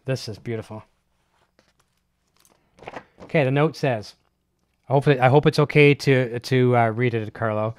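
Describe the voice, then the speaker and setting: A man's voice: mid-range voice, moderate pace, long pauses, no echo, clean studio sound. Gushing man hosting a live show. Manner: excitable, gushing, many fillers and restarts. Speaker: host of a live gear show. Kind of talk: casual live unboxing chat.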